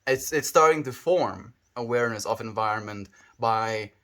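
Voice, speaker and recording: Thinking aloud during a casual livestream chat, a South African-accented man rambles and muses, filling the gaps between ideas with hums. His voice is on the low side with a sharp tone, and he speaks at normal speed.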